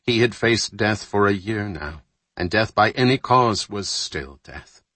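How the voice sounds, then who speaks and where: A man reading a thriller audiobook aloud in a measured, steady narration, lightly voicing the dialogue. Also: on the low side, no room sound.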